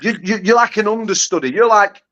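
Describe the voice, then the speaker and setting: A man's voice: high-pitched, expressive, brisk, a bit bright, dull audio. A man with a British accent trash-talking a rival on a talk show, crude and mocking, laughing and restarting his sentences. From United Kingdom. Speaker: guest arm wrestler.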